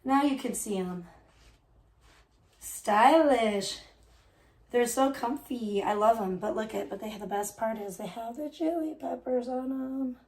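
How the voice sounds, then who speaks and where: A woman from Chicago with a Chicago accent softened by years on the West Coast, streaming live in a casual, rambling chat and often breaking off mid-sentence. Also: on the high side, unhurried. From Chicago, USA. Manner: reacts aloud to small mishaps. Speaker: livestreamer.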